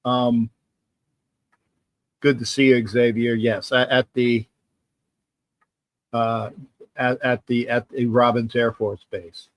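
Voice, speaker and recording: A man chats casually on a live sports fan stream, greeting viewers and reacting to their comments. He talks slowly, circling back and repeating phrases as he goes. His voice sits close and dry on the mic. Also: mid-range voice, level tone, no room sound. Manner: rambling, repeats himself, restarts phrases. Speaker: sports talk livestream host.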